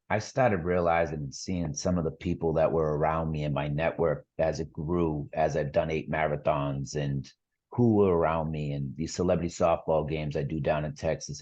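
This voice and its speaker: A man's voice: very deep voice, a little mellow, highs cut off. A middle-aged man, a podcast guest, telling his story earnestly in a rambling casual way with lots of fillers and restarts.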